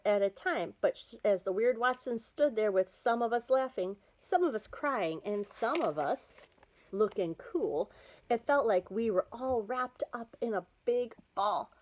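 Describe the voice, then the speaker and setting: Expressive woman reading a novel aloud. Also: a little high, rough recording. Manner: lively, expressive storytelling. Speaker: storybook reader.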